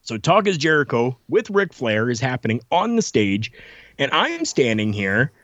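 A man's voice: mid-range voice, normal speed, no echo, muffled recording. A man telling stories in a casual chat, acting out the lines of people he quotes. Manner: animated storyteller, acts out quotes. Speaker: podcast guest telling stories.

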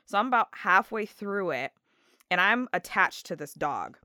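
Bright, smooth-voiced woman telling stories. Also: medium pitch, moderate pace, no echo, studio quality. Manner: animated storyteller, acts out quotes. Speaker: podcast guest. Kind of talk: casual chat.

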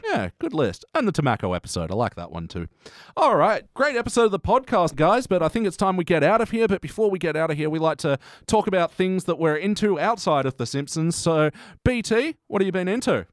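A man hosting a relaxed podcast, his voice rising and falling freely as he chats and laughs easily with his guests. The sound is dry and close, with no room echo. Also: sits high, fairly quick, hardly any pauses. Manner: upbeat, laughs often, wraps up segments. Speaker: podcast host. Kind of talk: casual podcast chat.

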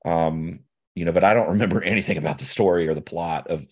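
A man's voice: sits low, quick pace, a little mellow, breathy edge. A man co-hosting a podcast, talking about movies in a loose, rambling way full of fillers and restarts. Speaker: podcast co-host. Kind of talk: casual film discussion.

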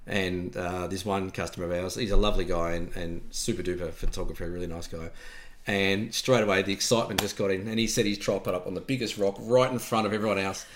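A man's voice: low-pitched, quick pace, a little hiss or hum. An Australian man co-hosting a podcast, chatting casually and telling stories with frequent restarts. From Tasmania, Australia. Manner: relaxed storytelling, frequent restarts. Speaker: podcast co-host. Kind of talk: casual chat.

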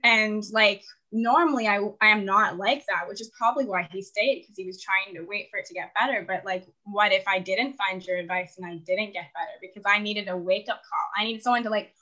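A woman's voice: mid-range voice, fairly quick, few pauses, pushed and bright, poor audio. A young woman in her twenties telling her story as a caller in casual, rambling talk, full of "like" fillers and frequent laughs. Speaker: caller seeking relationship advice. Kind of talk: casual confessional chat.

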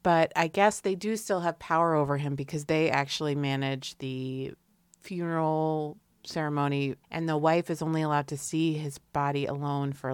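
A woman with a low voice talks through a film in a relaxed podcast chat, thinking out loud. The sound is dry and close, with no room echo. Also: clear, resonant tone. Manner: chatty, musing aloud with fillers. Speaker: podcast co-host. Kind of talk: casual movie review chat.

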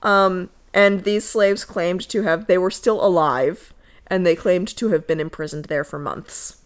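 A woman from Connecticut telling a dark history story on a casual podcast, swearing and joking between quotes she reads. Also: on the low side, fairly even intonation, measured pace. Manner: profane, laughing, jokey asides while reading quotes.

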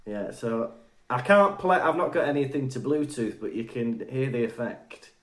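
Jokey male podcast host, lively voice. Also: mid-range voice, moderate pace, reverberant. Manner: jokey, laughs easily. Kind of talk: casual chat.

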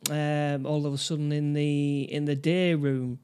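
A man's voice: fairly high pitch, flat delivery, measured pace, a little mellow, smooth. Man chatting about a film. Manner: tag questions, chatty prompting. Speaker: film review co-host. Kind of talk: casual chat about a film.

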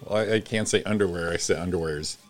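A man's voice: on the low side, steady tone, fast talker, soft background music. A man co-hosting a casual morning show, laughing often, swearing freely and tripping over his words. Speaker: co-host.

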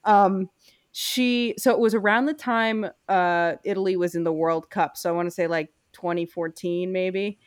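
A woman's voice: on the low side, steady tone, normal speed, clear, resonant tone, no echo, studio quality. A young woman, co-hosting a casual chat and telling a story full of fillers. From United States. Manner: chatty storyteller with frequent fillers.

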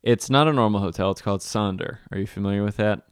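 Podcast co-host, male, low smooth voice, lively storyteller, dry close mic. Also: fast talker, no room sound. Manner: animated storyteller, laughs often. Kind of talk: casual chat.

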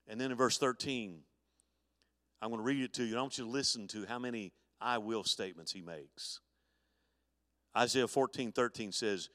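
A man's voice: medium pitch, animated, normal speed, a bit bright, no room sound, studio quality, long reverb tail. A man preaching a live sermon as pastor, folksy, with stammered restarts and chuckles. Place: church sanctuary.

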